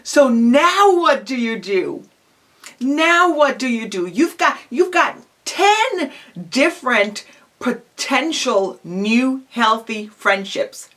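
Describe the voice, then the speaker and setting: Woman, higher-pitched, psychology lecturer type; direct, encouraging advice to camera, conversational with fillers. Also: animated, takes it slowly, a bit bright. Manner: direct and encouraging, addresses listener as "you"; rhetorical questions, frequent "um" and "you know". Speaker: psychology professor giving advice. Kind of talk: self-help video lecture.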